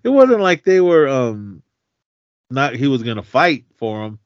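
A man's voice: medium pitch, big pitch swings, a little slow, no echo. A man co-hosting a podcast, casually recapping a film, rambling and restarting his sentences, often laughing and acting out lines. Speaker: podcast co-host. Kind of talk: casual movie recap chat. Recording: slightly dull dry podcast audio.

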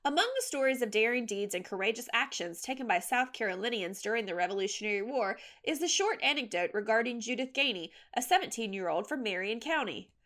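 A woman reading a history story as scripted narration, measured and steady. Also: on the high side.

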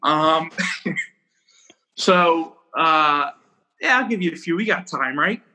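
A young man, a baseball pitcher, casually telling rambling, animated stories about his games and laughing at himself. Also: slow pace, low-quality recording. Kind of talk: casual storytelling interview.

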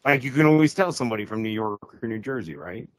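A man's voice: medium pitch, expressive, fast, no room sound. A man co-hosts a casual podcast with a mid-range voice, recorded close and dry with no room sound. He asks leading questions and keeps up a teasing, joking banter. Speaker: podcast co-host. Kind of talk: casual chat.

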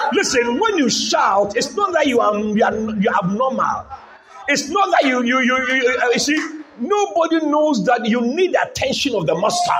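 A man preaching a sermon to a church congregation, calling out for responses and repeating his lines. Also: very high-pitched. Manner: repetitive call-and-response exhortation. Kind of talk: shouted sermon. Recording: loud crowd and noise in a live church.

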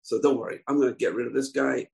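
A man's voice: mid-range voice, fairly even intonation, quick pace, vocal fry, a little mellow. A man voicing a confident young male shepherd hero in a retold story.

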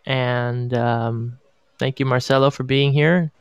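A man's voice: medium pitch, fairly even intonation, slow pace, clean tone, no echo, dull audio. A man hosting a casual call-in chat, talking in a friendly, chatty way. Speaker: host.

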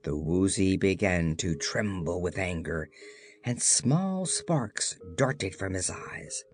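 Unhurried, expressive storybook reader. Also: sits low. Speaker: audiobook reader. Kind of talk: storybook narration.

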